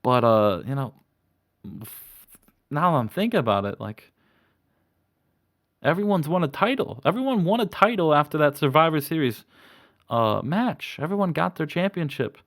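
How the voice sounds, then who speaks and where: A man's voice: fairly high pitch, very animated, normal speed, long pauses, a bit bright. A young man hosting, casually recapping a wrestling booking game in a rambling, profane way. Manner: rambling, profane, retells storylines. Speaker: host.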